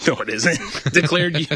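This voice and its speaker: A young man co-hosting a comedy news podcast, reading out stories and riffing crudely with a laugh. His voice is fairly high and bright, with a forceful edge. The sound is dry and close. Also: expressive, measured pace, slightly rough, no room sound. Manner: joking, crude, laughs often. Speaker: podcast co-host.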